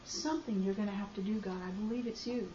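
A woman telling a faith testimony, swinging from hushed storytelling to loud outbursts. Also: medium pitch, steady tone, fast talker, a little hiss or hum. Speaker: speaker sharing a faith testimony. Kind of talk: emotional personal testimony. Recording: roomy, slightly dull recording.

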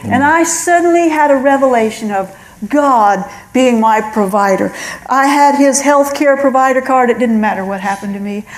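A woman's voice: high voice, normal speed, low-quality recording. A middle-aged woman giving an earnest spoken testimony, telling her story and acting out the voices of God and of callers. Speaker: testimony speaker.

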